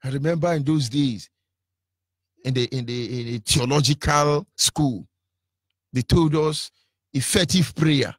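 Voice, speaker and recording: A man's voice: mid-range voice, a little slow, long pauses, no room sound, clean studio sound. A man with a Nigerian accent giving an impassioned, preacherly radio talk, fiery and defiant. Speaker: radio broadcaster.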